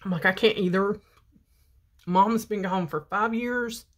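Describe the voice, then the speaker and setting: A woman's voice: mid-range voice, a little slow. A woman, chatting and telling a story while she does her makeup for a beauty vlog. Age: 50s. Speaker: beauty vlogger. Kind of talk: casual makeup chat.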